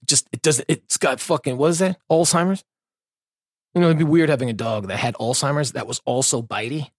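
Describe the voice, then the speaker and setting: A man's voice: medium pitch, fairly quick, breathy edge, dry recording, studio quality. A man hosting a podcast in an angry, sarcastic and heavily profane comedic rant, full of rambling asides. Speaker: podcast host.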